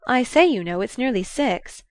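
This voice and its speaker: Brisk and eager, a woman doing a young gentleman son, pitched up high and coaxing, a little teasing. The voice sits dry and close, with no room around it. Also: lively intonation, no echo, close to an everyday voice. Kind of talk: audiobook character voice.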